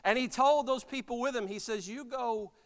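A man preaching an impassioned sermon as pastor, swinging from loud cries to soft, quiet lines. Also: very high voice, brisk, smooth. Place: church sanctuary. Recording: long church reverb.

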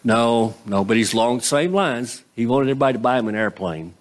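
This male pastor delivers his sermon quickly and with animation, speaking conversationally and asking the congregation rhetorical questions. His voice moves between high and low pitches.

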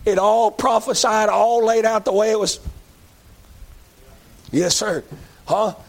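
Folksy preacher, fairly high voice. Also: male voice, fairly even intonation, slow, creaky. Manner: folksy, preachy, rising to shouted emphasis. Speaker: Baptist preacher. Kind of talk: sermon.

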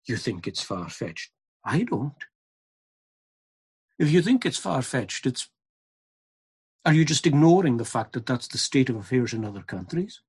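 Husky-voiced man preaching. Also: mid-range voice, big pitch swings, measured pace, pauses often, darkish tone. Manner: earnest, building to emphatic repetition. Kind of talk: sermon.

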